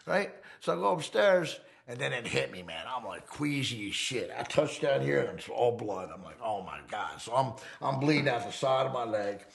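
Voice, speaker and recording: A middle-aged man, telling his story in an interview in a profane, animated way. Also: mid-range voice, normal speed, vocal fry, few pauses.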